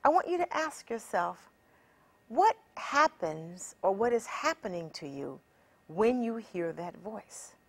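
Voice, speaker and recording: Woman, empowerment coach, encouraging and measured, animated pitch. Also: slightly rough. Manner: measured and encouraging, with many rhetorical questions. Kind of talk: motivational teaching talk.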